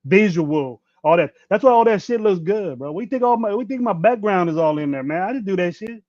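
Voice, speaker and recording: A high, slightly mellow male voice, a little fast and lively in intonation, belongs to a sports podcast host in his fifties. He rants bluntly on a casual livestream, full of profanity and rambling restarts, recorded dry through a dull lo-fi mic.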